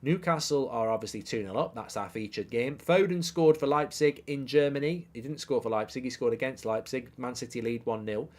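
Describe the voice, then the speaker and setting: A man's voice: medium pitch, brisk, few pauses, darkish tone. A man hosting a live football watchalong, chatting to the stream, reading out viewers' comments and scores in a brash, jokey way, swearing now and then.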